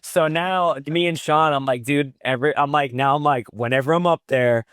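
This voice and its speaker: Animated man telling stories with bursts of swearing. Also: a little high, moderate pace, smooth, no echo, studio quality. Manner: animated, swearing, acts out quoted exchanges. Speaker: podcast guest, metal vocalist. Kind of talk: casual storytelling chat. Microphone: video call.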